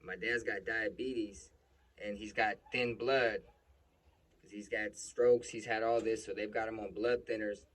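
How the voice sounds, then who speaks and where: A man's voice: fairly low pitch, fairly even intonation, unhurried. A young man casually telling a personal story, blunt and profane, with plenty of emotion.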